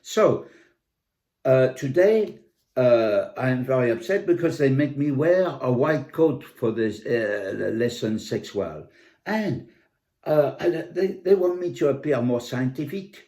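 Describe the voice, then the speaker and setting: A man voicing an excitable middle-aged Frenchwoman who talks with a heavy French accent and broken English word order, animated and indignant, slipping French fillers in. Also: medium pitch, slow pace.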